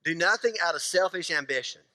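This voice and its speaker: A middle-aged man preaches in a church, playful and conversational, slipping into quick little voices for husbands and wives. His voice sits high and bright. The sound is close and dry, but a long reverb from the sanctuary trails after him. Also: animated. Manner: conversational, joking preacher acting out little scenes. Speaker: pastor. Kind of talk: sermon.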